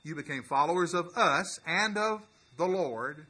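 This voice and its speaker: Bright, husky-voiced preacher man. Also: a little high, lively intonation. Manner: earnest, halting, with many restarts; rises to emphatic preaching. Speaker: pastor. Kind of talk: sermon storytelling.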